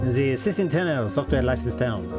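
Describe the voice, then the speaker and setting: A man puts on a theatrical Frenchman with a heavy French accent, lofty and mock-formal. The voice sits at a middling pitch. Loud music plays underneath. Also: lively intonation, normal speed, close to an everyday voice. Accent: put-on French. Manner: theatrical, grandiose phrasing. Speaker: streamer.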